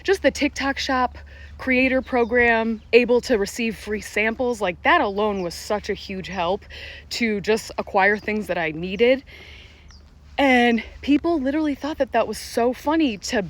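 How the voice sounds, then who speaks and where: A woman TikTok creator in a casual vlog monologue, talking fast and emphatically, swearing often and leaning on "literally" and "like.". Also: on the high side. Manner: fast, profane, emphatic, heavy use of "literally" and "like".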